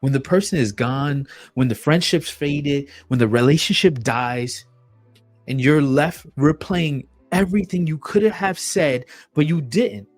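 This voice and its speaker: A man's voice: a little high, unhurried. Emphatic swearing man, faint music underneath. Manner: blunt and emphatic, swears often, repeats phrases. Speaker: podcast host. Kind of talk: solo podcast monologue.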